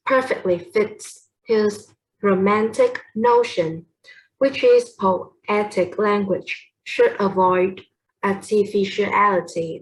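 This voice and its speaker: A woman's voice: mid-range voice, rough recording. A young woman with a Vietnamese accent gives a class presentation on poetry, hesitating often with fillers and correcting herself as she goes.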